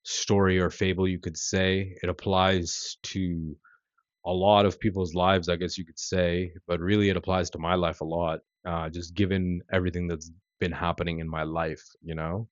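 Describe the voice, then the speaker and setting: A man in his thirties tells a story in an easy, rambling way, with lots of "like" and "you know". His voice sits very low. The sound is dry and dull, as if from a cheap mic. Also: normal speed, dry recording. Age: 30s. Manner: relaxed and conversational, full of "like" and "you know". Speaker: vlogger. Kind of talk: casual storytelling vlog.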